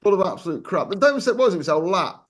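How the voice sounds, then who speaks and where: A man's voice: sits high, animated, rapid-fire. A man co-hosting a podcast, chatting casually with teasing, jokey remarks. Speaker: podcast co-host. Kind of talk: casual chat.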